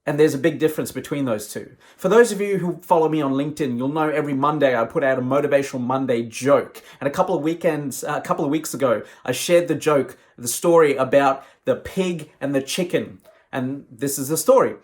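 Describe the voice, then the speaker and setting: Higher-pitched man giving an emphatic motivational talk. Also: fairly quick. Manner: emphatic and conversational. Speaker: professional speaker.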